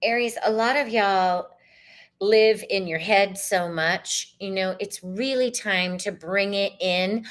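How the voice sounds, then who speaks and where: Speaking slowly in a mid-range voice, this tarot reader hosts a livestream reading with a bubbly, effusive manner and a slightly tired voice. She says "y'all" now and then and occasionally breaks into song.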